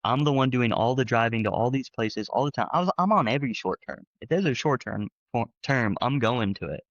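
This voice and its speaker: A man talks through a long personal story in a loose, rambling way, full of fillers and animated asides. His voice sits at a middling pitch. The sound is dry, with a slightly dull, lo-fi quality. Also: a little fast, dry recording. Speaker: panel guest, former church member. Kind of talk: casual conversational storytelling.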